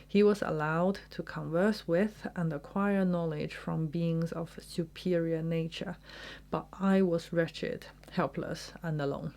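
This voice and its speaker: A woman voicing a lonely, sorrowful man-made male creature in a slow, mournful reading. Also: fairly low pitch, steady tone, vocal fry, darkish tone.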